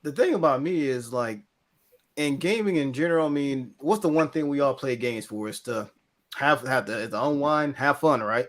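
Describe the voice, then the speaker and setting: A man's voice: mid-range voice, expressive, moderate pace, fairly bright tone. A man talking as a guest on a casual gaming podcast, earnest and rambling with many restarts. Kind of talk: casual chat.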